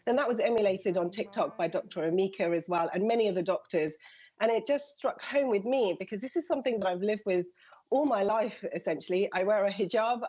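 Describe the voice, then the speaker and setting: A woman's voice: medium pitch, a little mellow, breathy edge, muffled recording. A woman in her thirties, a family doctor, telling stories earnestly in a live TV interview and acting out the voices she quotes.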